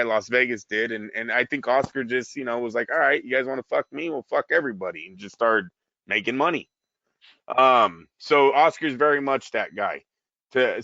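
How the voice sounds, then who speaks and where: Man, boxing podcast host, high bright voice, profane casual chat, dry dull recording. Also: no room sound. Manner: profane, animated, asks listeners questions.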